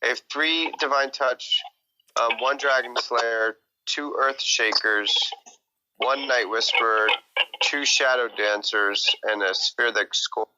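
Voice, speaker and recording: A man's voice: mid-range voice, slow pace, noisy background. A middle-aged man chatting eagerly on a gaming stream, rambling through his items with fillers. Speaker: stream guest. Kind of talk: casual gaming chat.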